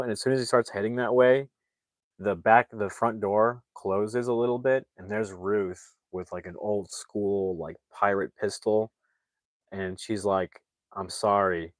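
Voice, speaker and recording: A man with a low voice retells a film's plot in a casual, rambling way. He leans heavily on fillers and corrects himself as he goes. The sound is dry and close. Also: no room sound. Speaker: movie reviewer.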